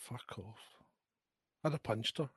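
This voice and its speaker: A man's voice: mid-range voice, slow, breathy edge, no room sound, clean studio sound. A man in casual chat, reacting with wry, short interjections and sighs.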